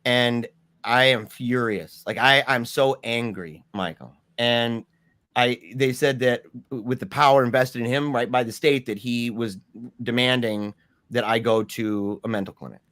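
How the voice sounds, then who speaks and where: Man, interview guest, casual storytelling, slangy, emphatic, mid-pitched voice, dry close sound. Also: fairly even intonation, unhurried, a bit bright, no room sound. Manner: informal, slangy, says "bro" and "man"; earnest, emphatic retelling of a personal ordeal.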